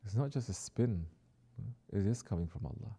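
Man, preacher, sermon, deep, mellow, exhorting. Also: lively intonation, normal speed, husky. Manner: exhorting, swings from soft to emphatic.

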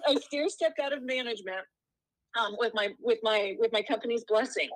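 A woman's voice: on the high side, fairly quick, dry recording, rough recording. A woman interior designer speaking as a podcast guest in a gracious, conversational way.

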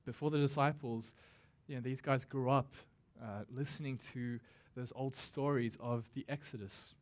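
A man's voice: mid-range voice, fairly even intonation. Conversational man preaching a sermon. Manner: casual and conversational, with self-deprecating asides; acts out scripture quotes with slow, dramatic emphasis. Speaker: pastor.

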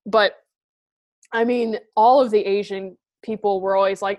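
A woman's voice: mid-range voice, level tone, brisk, a little mellow. A young woman in casual chat, blunt and full of fillers, swearing often.

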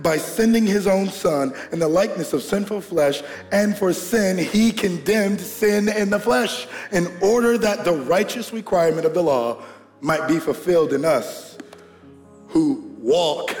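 A young male pastor with a high, ringing voice preaches in a roomy church hall, the sound bouncing with a long tail of reverb. He shouts with hyped energy and slangy banter, leading the congregation in call-and-response, with faint music underneath. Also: a little slow.

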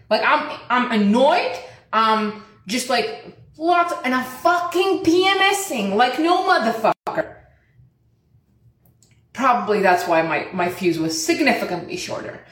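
A woman's voice: on the high side, roomy sound. A woman telling a story to her followers in casual, profane talk and acting out what other people said. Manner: profane, animated, acts out other people's lines. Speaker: vlogger.

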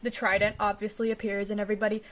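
A woman's voice: mid-range voice, level tone, very fast, fairly bright tone. A woman co-hosting a casual book chat, retelling the plot loosely with frequent laughter. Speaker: book discussion co-host.

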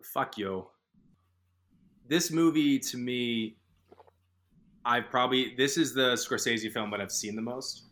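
A man's voice: medium pitch, slow pace, pauses often. A man from Boston in casual movie chat, swearing freely and eagerly quoting lines from films. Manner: excited, swears a lot, quotes film lines.

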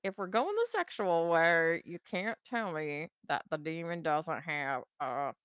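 A woman's voice: low voice, animated, clean tone, dry recording, dull audio. A woman co-hosting a podcast, telling a folk tale in a casual, teasing and giggly way. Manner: giggly, teasing, slow-spoken. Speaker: podcast co-host. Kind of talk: casual storytelling chat.

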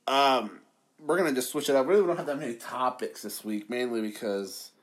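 A young man co-hosting a casual podcast, loud and joking, swearing and quick to laugh, recorded on a phone. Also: mid-range voice. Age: young adult. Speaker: podcast co-host. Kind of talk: casual chat.

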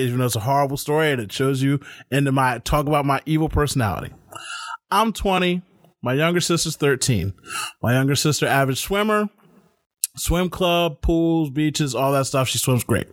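This is a middle-aged man hosting a casual podcast chat. His voice sits high and sounds close and dry. He tells his stories in a quick, animated way. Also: no room sound. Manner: animated, fast-talking storyteller. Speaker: podcast host.

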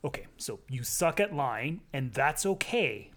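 A woman playing her character in a tabletop game, teasing and lively. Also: extremely low pitch, measured pace.

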